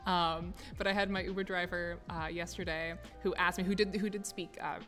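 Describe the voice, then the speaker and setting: A woman's voice: lowish voice, level tone, moderate pace, a bit bright, faint music behind. A young woman chatting casually with viewers on a stream, rambling with lots of fillers and frequent laughter. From United States. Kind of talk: casual chat. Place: office.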